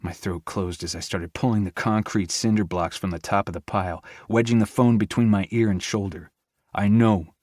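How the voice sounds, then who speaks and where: A male audiobook narrator with a fairly low voice, reading in the first person with tense intensity. The sound is close and dry, with no room echo. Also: fairly even intonation, fairly quick, hardly any pauses, darkish tone.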